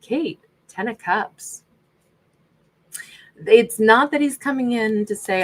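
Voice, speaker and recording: A woman's voice: a little high, slow, long pauses, rough recording. Sassy woman giving a tarot reading. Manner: sassy, animated, voices imagined quotes. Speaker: tarot reader.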